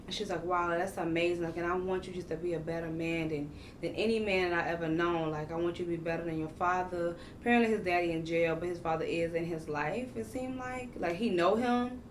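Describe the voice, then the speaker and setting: A woman hosting a casual reality TV recap, talking in slangy, animated bursts with laughing exclamations. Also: on the low side, brisk, few pauses, recorded from a distance, a little hiss or hum.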